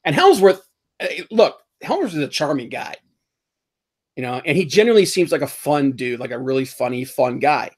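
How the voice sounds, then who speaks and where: A man hosting a casual pop-culture podcast, rambling and animated, often laughing as he mocks what he talks about. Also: medium pitch, normal speed, slightly rough. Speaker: podcast host.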